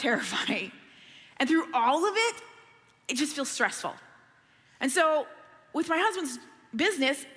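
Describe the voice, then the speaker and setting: A middle-aged woman preaching a sermon in a church, telling stories in a lively, conversational way. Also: high voice, in a large hall. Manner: animated, conversational storytelling.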